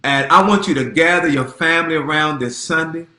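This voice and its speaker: A man in his fifties speaks as a pastor, chatty and folksy, repeating phrases as he goes. His voice sits a little high and sounds bright. The room around him is echoey. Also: a little fast. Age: 50s. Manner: animated, repeats himself, folksy. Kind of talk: casual church announcement.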